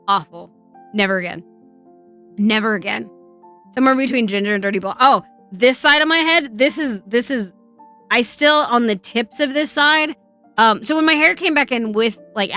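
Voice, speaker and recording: Young woman streamer, sharp bright voice, rambly, swears a lot, laughs a bunch. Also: on the high side. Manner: laughs a lot while talking. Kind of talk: casual chat. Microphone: wearing earbuds.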